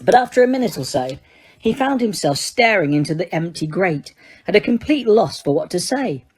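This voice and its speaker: A woman narrating an audiobook in a steady reading voice, sometimes correcting a slipped word. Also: medium pitch, husky.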